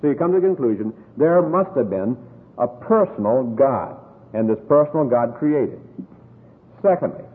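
American preacher guy, swoopy lively voice, slow emphatic scripture bits, echoey hall, tinny like a phone. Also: medium pitch. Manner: emphatic, drawn-out quoting of scripture. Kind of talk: sermon.

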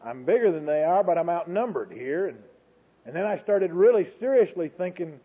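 A man's voice: sits high, big pitch swings, normal speed, breathy edge. A man telling a colloquial, dramatic church testimony, speaking straight to his audience, heard over a tinny phone-like broadcast. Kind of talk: folksy storytelling testimony.

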